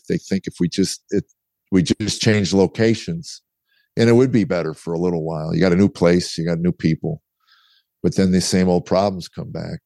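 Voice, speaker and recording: Deep-voiced man telling his story. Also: warm tone, dry recording. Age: middle-aged. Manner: candid, conversational, acts out quoted dialogue. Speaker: guest, author. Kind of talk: interview storytelling.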